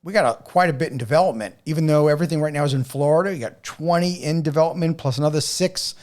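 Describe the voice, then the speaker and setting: A man with a New York accent hosting a podcast interview, animated and laughing often. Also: a little high, quick pace. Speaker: podcast host. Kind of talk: casual interview.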